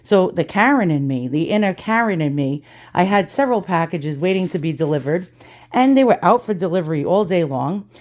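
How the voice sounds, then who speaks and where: A middle-aged woman with a fairly low voice talks bluntly and swears freely. She rambles casually through a chatty story, like a vlogger talking straight to her viewers. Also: expressive, brisk, darkish tone. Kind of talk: casual ranting vlog chat.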